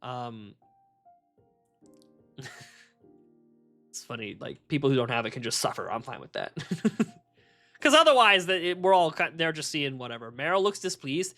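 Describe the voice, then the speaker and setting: Animated, bright-voiced rambling male streamer. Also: a little high, normal speed, long pauses, soft background music. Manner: rambling, profane, laughs at his own jokes. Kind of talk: casual live-stream chat while shiny hunting. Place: warm home room.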